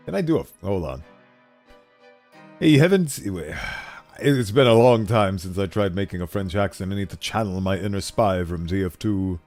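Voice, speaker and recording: A man streaming a game, chatting casually and animatedly, self-deprecating and quick to laugh. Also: low voice, lively intonation, a little mellow, soft background music. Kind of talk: casual commentary while playing.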